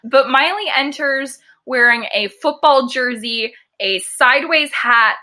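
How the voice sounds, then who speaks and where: A woman's voice: high voice, measured pace, bright, forceful tone. A young woman co-hosting a casual chat about a TV episode, laughing often and acting out quotes. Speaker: podcast co-host.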